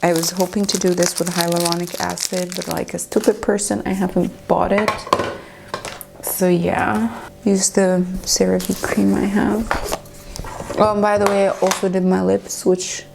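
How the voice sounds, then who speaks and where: Woman, 20s, home vlogger, candid and jittery; low gravelly voice, noisy room recording. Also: little pitch movement, moderate pace. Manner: nervous, candid, complaining of pain. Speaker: beauty vlogger. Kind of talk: casual vlog talk to camera. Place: at home indoors.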